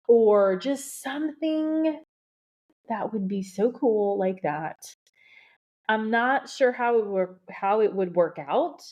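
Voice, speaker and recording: A woman hosting her own podcast, talking alone to her listeners in an excited, gushing way with lots of fillers, a bit out of breath. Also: mid-range voice, highs cut off. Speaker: podcast host, beauty industry coach. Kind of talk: solo podcast monologue. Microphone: podcast microphone.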